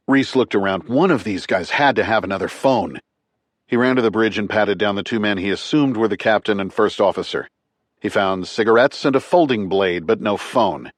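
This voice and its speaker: A man narrating a thriller audiobook in a tight, clipped, measured way. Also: fairly low pitch, dry recording.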